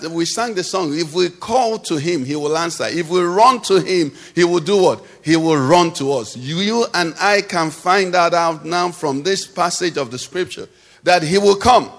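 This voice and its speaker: A man's voice: high-pitched, a bit bright. A middle-aged man preaching a sermon, drawing call-and-response from the congregation and telling everyday stories to make his point. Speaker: pastor. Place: church hall. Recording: long hall reverb.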